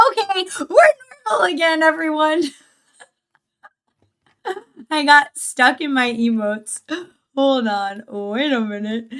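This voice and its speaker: A woman's voice: high voice, fairly bright tone. A woman livestreamer chatting casually and getting sidetracked while reacting to a video. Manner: chatty, easily sidetracked, giggly.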